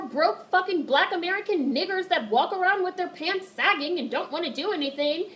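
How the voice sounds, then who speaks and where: A woman's voice: extremely high pitch, expressive, moderate pace, hardly any pauses, a bit bright, rough recording. A woman livestreaming casual commentary and reading viewer chat, talking bluntly and animatedly with plenty of profanity.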